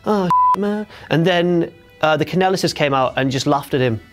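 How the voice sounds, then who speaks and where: A man's voice: on the high side, fairly quick. Chatty young man with music. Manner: jokey, chatty, breaks into silly impressions. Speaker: host of a wrestling recap show. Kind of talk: casual chat, recap.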